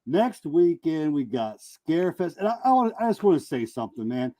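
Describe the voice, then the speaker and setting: A man's voice: on the high side, sing-song, a little fast, dark tone, no echo. A man appearing as a regular guest on a live-stream chat, enthusiastic and full of fillers, often saying man and dude.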